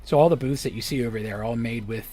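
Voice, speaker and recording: A man's voice: mid-range voice, rapid-fire, warm tone, faint music behind. A young adult man streaming a game, chatting casually with rambling, joking stories and whispered asides. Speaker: live streamer.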